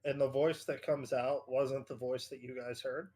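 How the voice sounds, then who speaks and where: A man acting as game master, narrating a tabletop horror game in a halting way with many fillers. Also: medium pitch, fairly even intonation, a little mellow.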